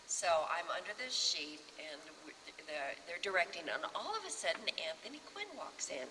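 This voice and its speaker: A woman in her sixties, an actress on a panel, lively and acting out other people's lines as she tells a story. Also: fairly low pitch, moderate pace, few pauses. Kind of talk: storytelling anecdote. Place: festival panel in a hall. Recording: reverberant hall, faint background hum.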